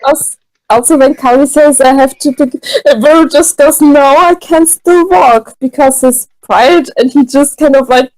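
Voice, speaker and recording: A woman's voice: high voice, steady tone, normal speed, a little mellow, rough recording. A woman playing a tabletop role-playing game, describing her character hesitantly with many restarts. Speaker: player. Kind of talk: tabletop role-play chat.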